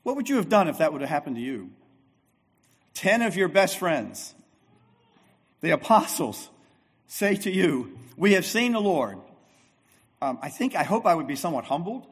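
A man's voice: on the high side, sing-song, normal speed, long pauses, husky. Emphatic preaching man in a reverberant hall. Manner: emphatic, repeats phrases, shifts loud and soft. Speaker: pastor. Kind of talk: sermon.

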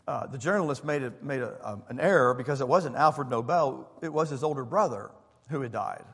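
A man, a pastor, preaching a sermon in a relaxed, conversational way, with fillers and asides to his congregation. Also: medium pitch, brisk, breathy edge. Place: church sanctuary. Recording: long hall reverb.

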